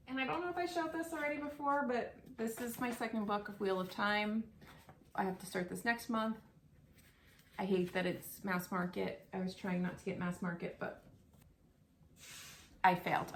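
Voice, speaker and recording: Chatty book-vlogging woman with a gravelly edge. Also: mid-range voice, fairly even intonation, moderate pace, slight background noise. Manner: chatty, rambling, self-deprecating. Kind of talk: casual book haul chat. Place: home, at a table of books.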